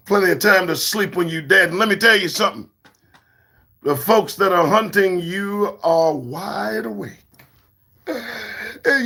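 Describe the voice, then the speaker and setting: A man hosting his own morning show, talking in a profane, preachy monologue that swings between shouts and whispers. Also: high-pitched, animated, measured pace. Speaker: show host.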